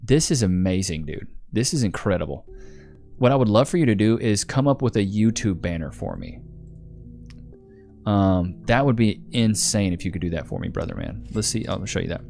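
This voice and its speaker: A man's voice: on the low side, very animated, normal speed, gravelly, a little mellow, soft background music. A man hosting a livestream, chatting casually and rambling as he thanks viewers and reads their donations, laughing often. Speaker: livestream host.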